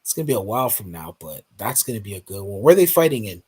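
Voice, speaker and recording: A man's voice: fairly low pitch, very animated, racing, a little mellow, breathy edge. A man on a casual podcast panel, talking in a laid-back way and saying "bro" and "man" a lot.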